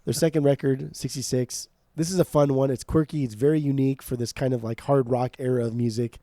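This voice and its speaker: An American man co-hosting a podcast in casual chat, animated, jokey and quick to swear. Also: medium pitch, no echo, clean studio sound. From United States. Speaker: podcast co-host.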